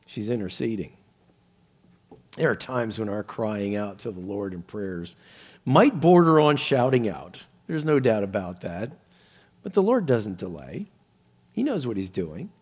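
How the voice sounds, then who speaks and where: A middle-aged man preaching a sermon, animated and rising to near-shouts when he quotes people. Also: fairly high pitch, a little slow.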